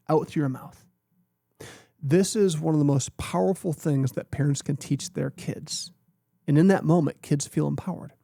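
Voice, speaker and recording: A man with a gravelly, mellow voice talks with emphatic coaching energy on a podcast. His voice sits a little higher than most men's, and the sound is close and dry. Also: no room sound. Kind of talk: earnest podcast talk.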